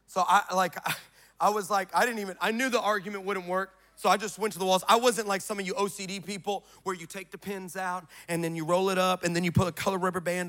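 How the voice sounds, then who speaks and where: Man preaching at church, high voice, jokey and loud with the crowd. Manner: animated storytelling, joking and shouting to the crowd. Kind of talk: sermon. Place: church service in front of a congregation.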